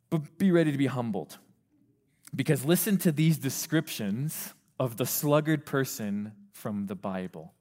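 A man preaching a sermon to a youth group, animated, acting out the voices of parents and teens. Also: mid-range voice, normal speed. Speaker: youth pastor. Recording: long reverb of a hall.

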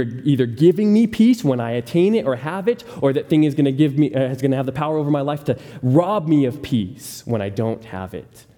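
A man's voice: medium pitch, warm tone. A man preaching a sermon as a pastor, speaking earnestly and often repeating words as he starts a thought. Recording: long hall reverb.

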